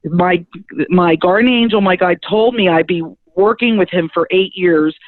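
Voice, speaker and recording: A middle-aged woman, a spiritual medium and guest, telling her story in a lively, chatty way and acting out the conversations in it. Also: on the low side, moderate pace, no echo. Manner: lively, chatty, acts out the dialogue in her stories. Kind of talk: animated personal storytelling. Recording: thin phone-like dry sound.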